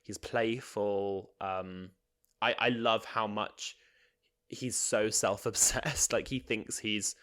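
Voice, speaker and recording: A man, co-hosting a podcast in a relaxed, giggly way with plenty of fillers. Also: on the low side, slow pace. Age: 20s. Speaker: podcast co-host. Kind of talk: casual chat.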